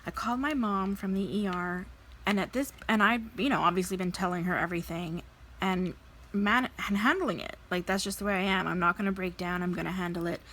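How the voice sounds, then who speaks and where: A woman in her thirties, a vlogger telling a personal story in a candid, animated way, acting out the people she quotes. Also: on the low side, fairly quick, slight background noise, poor audio. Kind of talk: casual storytelling while crafting.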